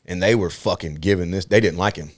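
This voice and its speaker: A man telling a stand-up story on a podcast, swearing freely and acting out what people said. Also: sits low. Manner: fast, profane, animated storytelling with acted-out quotes. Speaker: comedian guest.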